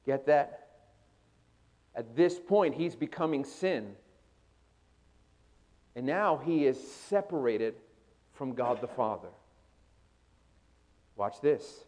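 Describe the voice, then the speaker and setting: A man's voice: medium pitch, expressive, slow, long pauses, a little mellow. A man preaching a sermon with dramatic delivery, acting out scripture in rising and falling intensity.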